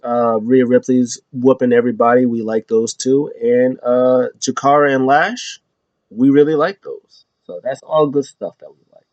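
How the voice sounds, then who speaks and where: A man's voice: medium pitch, steady tone, moderate pace, a little mellow, no room sound, highs cut off. A man hosting a casual recap show, telling it in a loose, rambling way and often correcting himself. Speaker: show host recapping wrestling.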